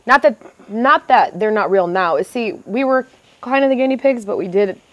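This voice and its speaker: A young adult woman telling stories as a guest, animated and profane, acting out what other people said. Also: mid-range voice, normal speed, dry recording, highs cut off. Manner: lively, profane, acts out other people's lines. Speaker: reality TV contestant guest. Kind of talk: animated storytelling chat.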